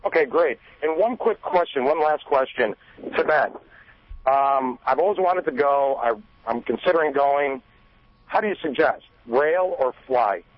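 A man's voice: medium pitch, a little slow, dry recording. A man calling in to a radio show, polite and hesitant with fillers. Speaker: caller. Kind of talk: phone-in questions. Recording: dull band-limited radio audio.

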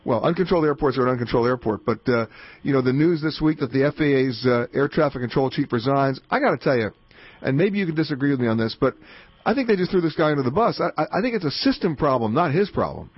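A man hosting a radio travel call-in show, chatty and emphatic with quick asides. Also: medium pitch, lively intonation, husky, no echo. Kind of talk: fast radio call-in talk. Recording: dull band-limited radio audio.

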